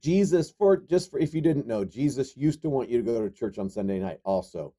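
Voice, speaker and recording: A man's voice: mid-range voice, expressive, brisk, mellow. A man, a guest, chatting casually and dropping dry jokes. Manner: wry, joking asides. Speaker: guest, comedy performer. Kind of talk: casual chat.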